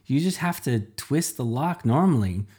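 A man doing a bossy, quick-thinking girl who snaps out orders in a raised voice. She sounds insistent and sure of herself in a storybook chase. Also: mid-range voice, expressive, warm tone, husky, pitched above the performer's own voice. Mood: urgent. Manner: snappy, insistent.

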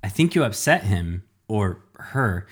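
A man voicing a brave, quick-thinking girl sidekick in a storybook reading, bossy and urgent. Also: lowish voice, very animated, husky, full character voice. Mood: rambling.

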